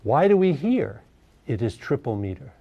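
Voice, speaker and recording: A man's voice: medium pitch, normal speed, gravelly, husky, highs cut off. Man lecturing on rhythm in a hall. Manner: lively, asks questions, hums rhythms. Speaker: music lecturer. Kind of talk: classroom lecture.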